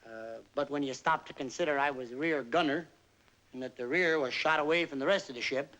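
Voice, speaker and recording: An actor portrays a stage entertainer fresh out of the army, delivering a wry, self-mocking stand-up story with comic timing in a 1950s film. The voice is medium-pitched, brisk and fairly bright, close to everyday speech, on a low-quality recording with slight background noise.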